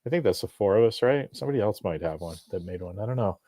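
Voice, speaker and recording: Casting: middle-aged male host, low voice, loose rambling banter, close dry mic. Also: expressive, fast talker, warm tone, no echo. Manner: rambling, self-interrupting, joking. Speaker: podcast host. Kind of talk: casual live-stream chat. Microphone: video call.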